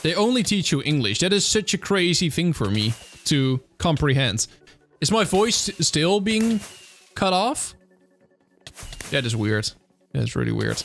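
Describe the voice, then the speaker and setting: A very animated but unhurried man from the Netherlands speaks in a fairly high, fairly bright voice with a Dutch accent. Chatting casually on a livestream over soft music, he answers viewer questions with frequent fillers and restarts.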